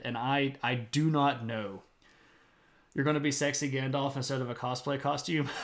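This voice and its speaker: A man streaming live, chatting casually with viewers in a playful, self-mocking way. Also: medium pitch. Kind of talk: casual chat reading viewer comments.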